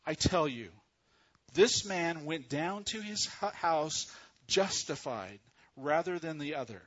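Slow-talking pastor guy, kinda high voice, dull church mic recording. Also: animated, fairly bright tone. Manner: unhurried, earnest preaching with frequent pauses. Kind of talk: sermon. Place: church sanctuary. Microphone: microphone on a stand or handheld.

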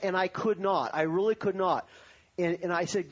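A man's voice: high voice, a little fast, husky, lo-fi sound. A pastor preaching a sermon to his congregation, telling a personal story and then rising to fervent preaching.

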